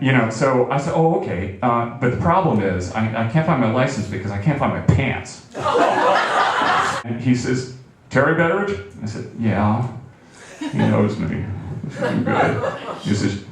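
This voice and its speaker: Brief: lively male storyteller, mid-pitched, very reverberant room. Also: measured pace. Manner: animated, acts out quotes. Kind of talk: personal story told to a live audience. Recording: very echoey barn with faint noise.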